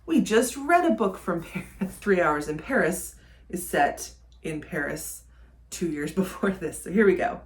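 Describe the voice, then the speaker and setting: A woman's voice: on the low side, lively intonation, a little slow. A woman chatting casually in a book vlog, thinking aloud with frequent ums. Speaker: book vlogger. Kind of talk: casual reading vlog chat.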